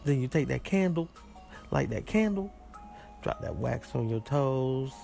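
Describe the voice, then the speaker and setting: A man's voice: medium pitch, lively intonation, measured pace, creaky, warm tone, soft background music. A man hosting a casual call-in show, joking around in a playful, slangy storytelling way. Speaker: podcast host answering voice messages.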